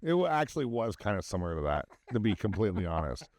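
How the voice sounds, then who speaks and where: Podcast co-host, male, 30s, low voice, lively delivery, dry close mic, profane storyteller. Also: quick pace, dry recording. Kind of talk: casual storytelling chat.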